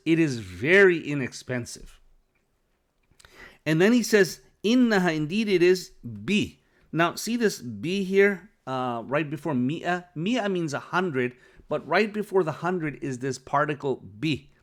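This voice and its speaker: A man's voice: fairly high pitch, sing-song, a little slow. A man teaching Arabic, reading phrases from a dialogue aloud, translating them and explaining the grammar, often checking in with "okay?".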